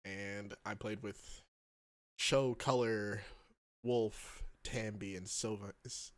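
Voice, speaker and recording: A man's voice: fairly low pitch, a little slow. A man co-hosting a podcast in casual chat, swearing often and laughing through his stories. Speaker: podcast co-host.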